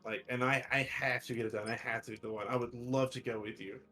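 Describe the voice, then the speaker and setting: A man's voice: mid-range voice, steady tone, fast, sharp tone, soft background music, natural voice. A man voicing a harried, overworked woman magistrate who snaps at her staff and talks in a flustered rush. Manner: frazzled, snapping at assistants, flustered. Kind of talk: tabletop role-play voicing.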